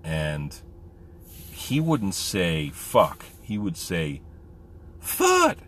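A man's voice: deep voice, very animated, extremely slow, a little hiss or hum. A man and military veteran talking candidly in a casual monologue, rambling with many fillers.

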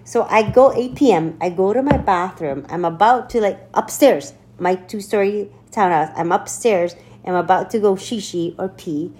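A woman co-hosting a podcast, telling a funny story in casual chat, animated, laughing and cursing as she goes. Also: mid-range voice, normal speed, few pauses. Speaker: podcast co-host.

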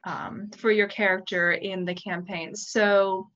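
A woman's voice: mid-range voice, level tone, slow pace, fairly bright tone. A woman in a casual chat with a slightly dull, muffled sound. She asks curious follow-up questions and laughs easily.

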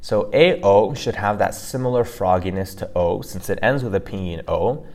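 A man's voice: fairly low pitch, moderate pace, darkish tone. A man co-hosting a casual lesson podcast, explaining sounds step by step and often checking in with "right?". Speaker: co-host teaching pronunciation.

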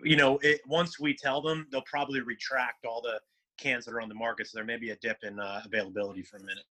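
A man's voice: mid-range voice, fairly even intonation, quick pace, sharp tone, low-quality recording. A man co-hosting a casual podcast, cracking dry jokes and telling a laid-back story. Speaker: podcast co-host.

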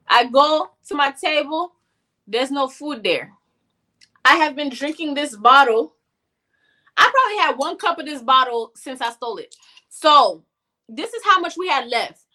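A young woman from North Miami, co-hosting a podcast, telling a story in casual, animated, profane talk. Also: fairly high pitch, normal speed. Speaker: podcast co-host. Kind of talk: casual chat.

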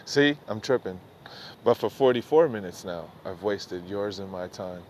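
The middle-aged podcaster talks at a normal speed in a lowish, slightly mellow voice with lively intonation, and a little hiss or hum can be heard. His solo monologue is casual and rambling, profane and self-mocking, drifting from one thought to the next.

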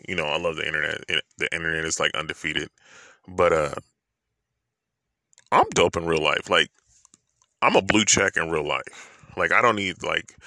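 Deep gravelly man ranting casually. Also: sharp tone, dry recording. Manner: loose, slangy, rambling with many fillers. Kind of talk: casual opinion monologue.

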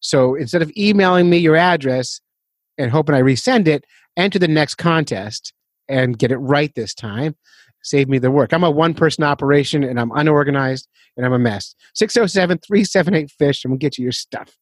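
A man's voice: on the high side, a little fast, no echo. A man hosting a fishing podcast in a casual, rambling, self-deprecating way, laughing often. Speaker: podcast host.

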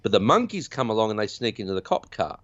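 A man's voice: fairly low pitch, sing-song, quick pace, a bit bright, no room sound, lo-fi sound. A man hosting a podcast, recapping a film in a chatty, rambling way. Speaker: podcast host. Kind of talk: casual film recap chat.

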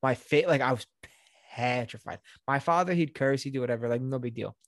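A young man, a new father, co-hosting a podcast and telling a childhood story in a wry, deadpan way with swearing. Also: medium pitch, a little fast, no room sound, studio quality. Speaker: podcast co-host. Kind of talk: casual storytelling.

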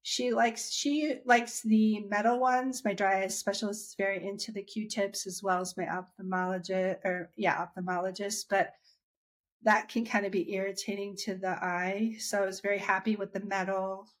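A woman's voice: mid-range voice, fairly even intonation, normal speed. A woman chatting about her own experience, talking freely with restarts and quoting herself and others as she goes. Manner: chatty, with many restarts and acted-out quotes. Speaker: interviewee sharing her dry eye story. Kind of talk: casual conversational storytelling.

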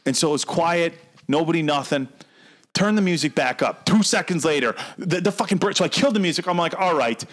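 A man in his thirties, a podcast host, telling a long profane story in an animated, casual way. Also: fairly high pitch, brisk.

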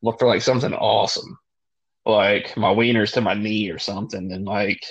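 A man's voice: on the low side, fairly even intonation, moderate pace, vocal fry, breathy edge. A young man co-hosting a casual podcast, laid-back and crude, saying "dude" a lot. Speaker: podcast co-host. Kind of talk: casual chat. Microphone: remote call line. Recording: slightly dull lo-fi audio.

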